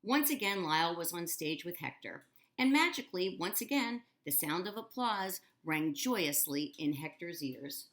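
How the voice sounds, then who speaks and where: A woman's voice: fairly low pitch, animated, moderate pace, a bit bright. A woman reading a children's book aloud expressively, adding casual asides to her listeners. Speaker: storyteller.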